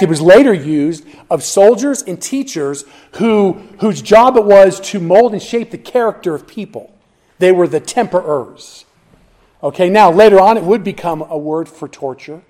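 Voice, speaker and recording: A pastor delivering an expository sermon, emphatic and animated, often restarting his phrases as he works through the text. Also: high-pitched, measured pace.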